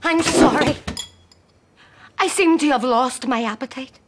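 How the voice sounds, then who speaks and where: A sharp-tongued Derry mother. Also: sits high, measured pace. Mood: scolding. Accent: Derry, Northern Irish. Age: middle-aged. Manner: scolding, exasperated. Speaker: mother in a sitcom. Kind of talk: sitcom acting.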